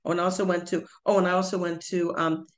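Here the older mother talks fast in a low, flat voice, telling her son long stories on their casual podcast. She rambles constantly, with many fillers and restarts.

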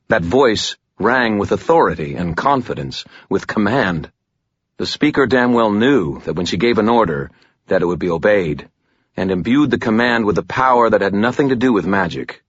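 A man reads an audiobook in a steady, measured manner. His voice is low and husky. The recording is dry and a little dull. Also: dry recording. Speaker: audiobook narrator. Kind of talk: scripted narration.

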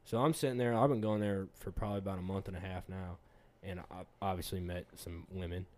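A man's voice: low-pitched, fairly even intonation, fast, darkish tone. A man casually telling bar-fight stories, rambling and profane, laughing often and acting out what everyone said. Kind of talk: casual storytelling chat.

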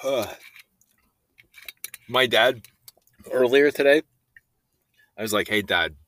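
A man's voice: medium pitch, slow, fairly bright tone. A young man telling a rambling story in a casual monologue, swearing freely and breaking into laughs. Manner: rambling, profane, often laughing. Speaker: voice-message storyteller.

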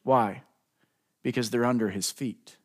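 A man preaching a sermon, building to emphatic lines and drawing out key words slowly, speaking directly to the congregation. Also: medium pitch, fairly even intonation. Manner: preaching with rising emphasis and slow drawn-out stresses; addresses the congregation directly as folks. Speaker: pastor.

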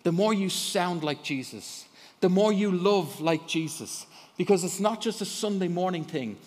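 A man's voice: high voice, moderate pace. A middle-aged man preaching a sermon in church, telling stories with lots of laughs and repeated words. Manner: animated storyteller, laughs often, repeats words when starting. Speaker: guest preacher. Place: church hall. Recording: long hall reverb.

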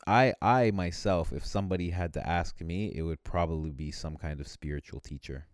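A man's voice: moderate pace, clear, resonant tone, dry recording, clean studio sound. A man casually chatting and telling rambling stories, often mimicking other people. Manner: rambling storyteller, mimics people in high voices. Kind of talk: casual chat.

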